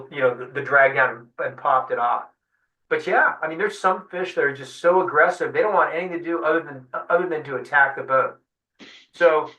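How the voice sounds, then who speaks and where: A guest fly-fishing guide tells a fishing adventure during an interview, animated and fond of acting out each voice. His tone is bright and forceful and a little high, and he sits back from the mic in an echoey, roomy space.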